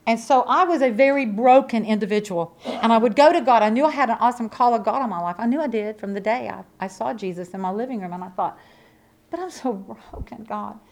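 Woman, high pitch, preacher, sermon, emphatic, folksy, repetitive. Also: quick pace, few pauses. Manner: emphatic, repetitive preaching with swings from loud to soft; folksy, conversational asides to the congregation.

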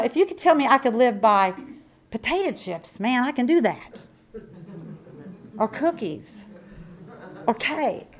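A woman with a high-sitting voice preaches a sermon, emphatic and repetitive. She tosses folksy asides to the congregation and swings between loud and soft.

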